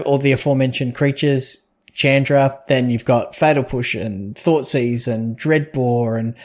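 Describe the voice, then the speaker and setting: A man from Australia or New Zealand co-hosts a casual podcast about a trading card game. His mid-range voice is a little mellow, and he talks in loose, rambling sentences packed with fillers and restarts.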